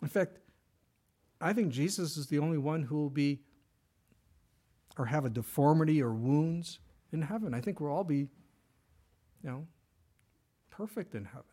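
A middle-aged pastor with a fairly high voice preaches in a relaxed, conversational way. He swings from near-whispers to sudden loud bursts and laughs now and then. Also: moderate pace, long pauses, breathy edge. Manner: jokes and laughs with the congregation. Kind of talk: sermon.

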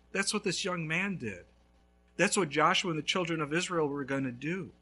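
A male pastor preaching a sermon, telling a story with lively swings between loud and hushed. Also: on the high side, moderate pace, husky.

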